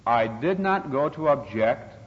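Older male preacher with lively emphatic delivery. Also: medium pitch, unhurried. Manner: emphatic, dramatic rises on scripture quotes. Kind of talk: expository sermon. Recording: dull, lo-fi, long reverb in a hall.

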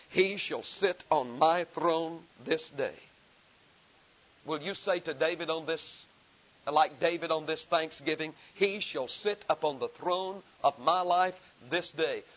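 A male preacher delivering a sermon in a somewhat high voice. He stacks repeated phrases for emphasis and slows down to read scripture with weight. The recording sounds dull and lo-fi. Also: fairly bright tone. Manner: rhetorical repetition, emphatic rising delivery; slow deliberate reading of scripture.

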